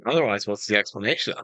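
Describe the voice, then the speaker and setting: A man's voice: on the low side, big pitch swings, a little fast, bright, forceful tone. A young man co-hosting a podcast, giving easygoing, wry commentary on a movie. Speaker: podcast co-host. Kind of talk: casual movie discussion.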